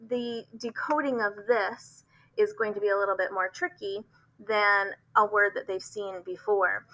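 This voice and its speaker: A woman's voice: mid-range voice, pushed and bright, low-quality recording. A middle-aged woman teacher explaining reading skills to parents in a friendly, step-by-step way, with examples. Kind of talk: informal instructional talk to parents.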